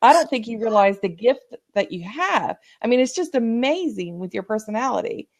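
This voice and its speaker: An effusive woman speaks up on a video call, piling encouragement onto someone else. Her voice sits somewhat high, and she praises freely in casual group-chat style. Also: big pitch swings, normal speed. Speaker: supportive chat participant.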